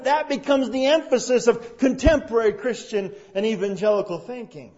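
A high-pitched male pastor delivers a sermon, building from quiet, measured passages to forceful emphasis on key phrases. The recording sounds dull and lo-fi, as if taped in a church auditorium. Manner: prays softly, then preaches with rising emphasis. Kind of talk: sermon with opening prayer.

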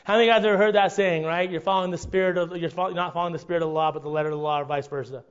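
A man preaching a conversational sermon to his congregation, often checking in with a quick "right?". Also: a little high, steady tone. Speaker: pastor. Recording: dull lo-fi recording.

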